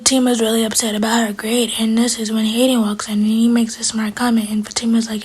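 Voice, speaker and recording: A woman recapping a TV episode in a casual, fast retelling, quoting the characters in her own voice. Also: a little high, level tone, a little mellow, breathy edge, low-quality recording.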